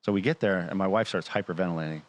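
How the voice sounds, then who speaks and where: Low-voiced man telling a story. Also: racing. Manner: animated, quotes others in dialogue. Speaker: show guest or panelist. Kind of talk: casual storytelling.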